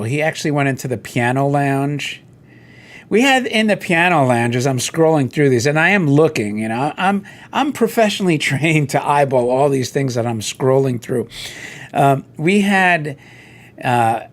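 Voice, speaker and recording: A middle-aged man hosting a casual solo chat, rambling and telling stories while he browses toy listings. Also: a little high. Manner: rambling, animated storytelling with quoted voices. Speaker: host.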